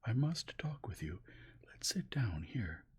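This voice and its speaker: A man's voice: fairly low pitch, big pitch swings, moderate pace, husky, pitched above the performer's own voice, exaggerated voice. A man voicing a distressed noblewoman in a whispered role-play, urgent and imploring. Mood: pleading. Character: distressed pleading noblewoman, Dolly.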